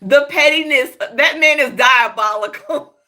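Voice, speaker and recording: High-voiced and sharp, this Southern-accented woman from Houston, Texas takes her time. As a gossip show host, she delivers a casual, profane monologue, tossing in laughing asides and plenty of "y'all" to the audience.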